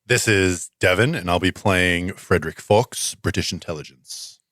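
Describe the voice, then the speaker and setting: Casting: very low-voiced man, dry close sound, wry joker at the table. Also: normal speed, a bit bright, no room sound. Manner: wry, joking. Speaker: player. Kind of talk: casual chat.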